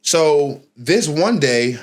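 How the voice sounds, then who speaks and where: A middle-aged man hosting a podcast, telling a personal story in a casual, slangy, animated way and often restarting his phrases. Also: fairly high pitch, drawn-out words. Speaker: podcast host.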